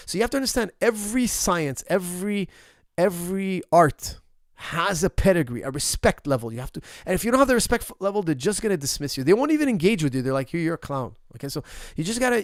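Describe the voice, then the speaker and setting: A man's voice: high voice, no echo, studio quality. A middle-aged man, a martial arts coach, answering viewer questions in casual commentary, emphatic and repetitive, asking and answering his own questions.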